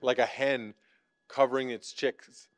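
A man's voice: mid-range voice, level tone, measured pace, no echo. A man preaching a casual, conversational sermon, filling it with "like" and acting out the lines he quotes. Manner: acts out quoted lines from scripture. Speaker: pastor.

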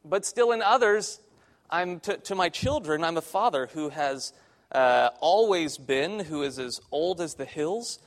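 A man's voice: fairly high pitch, expressive, unhurried. A young man, a church intern, preaching a conversational sermon with self-deprecating humor in a church sanctuary. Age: young adult.

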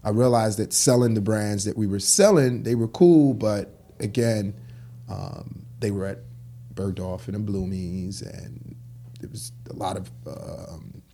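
A man's voice: fairly low pitch, a little slow, slight background noise. A man telling stories about his business in a casual interview, acting out the dialogue he quotes. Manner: animated, acts out quoted dialogue. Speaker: guest, clothing store founder.

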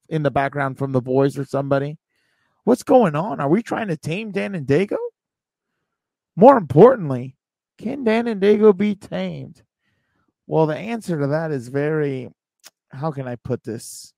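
A man opening a sports podcast, loud and hyped, shouting catchphrases and plugs. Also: on the high side, lively intonation, normal speed, vocal fry, dry recording. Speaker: podcast co-host.

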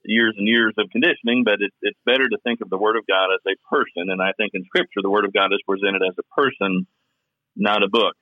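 A man's voice: fairly low pitch, dry recording. A man from Kentucky with a Southern drawl, co-hosting a podcast and talking through his views at length. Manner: thoughtful, explaining at length. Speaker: podcast co-host. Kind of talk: casual podcast chat. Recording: tinny phone line.

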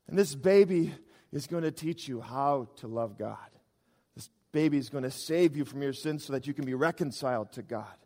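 Male pastor, animated sermon delivery, higher voice, long hall reverb. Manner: animated preaching, swings between loud emphasis and quiet asides.

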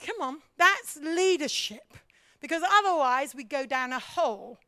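A woman giving a church teaching talk on leadership. She is animated, keeps asking the audience questions and acts out the voices of the people she describes. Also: high-pitched, unhurried, no room sound, clean studio sound.

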